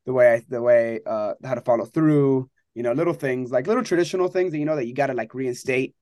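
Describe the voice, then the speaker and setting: A young man talks quickly through a pitching story and gets animated as he quotes the people in it. The recording is close and dry, with no room around him. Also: no echo. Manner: animated storyteller, acts out quotes, laughs often. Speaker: college baseball pitcher. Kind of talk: casual interview chat.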